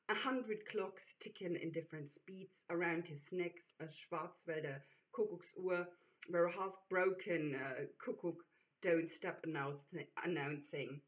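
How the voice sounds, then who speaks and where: A woman reading a comedy script, slow and musing with fillers, on a dull lo-fi recording. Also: lowish voice. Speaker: reader.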